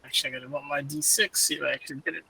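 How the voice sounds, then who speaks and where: A game master running a tabletop game, talking in a relaxed way with quick quips. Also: medium pitch, gravelly, husky, distant mic, poor audio.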